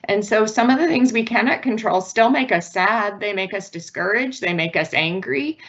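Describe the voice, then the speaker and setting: A woman's voice: mid-range voice, lively intonation, normal speed, muffled recording. A woman giving a virtual parenting presentation in an earnest, patient, instructive way. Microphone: video call.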